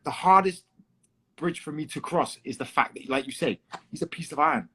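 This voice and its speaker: A man with a Liverpool accent, a guest fighter in a casual podcast chat, talking quickly and repeating himself as he works through his points. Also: fairly high pitch, sharp tone, slightly rough. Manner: quick, repetitive, chatty.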